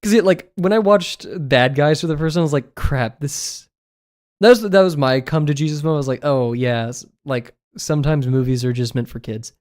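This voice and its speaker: A man's voice: a little high, quick pace, hardly any pauses, a little mellow. A young man chatting casually while he draws on a livestream, rambling and giggling with lots of filler words. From United States. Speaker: streamer.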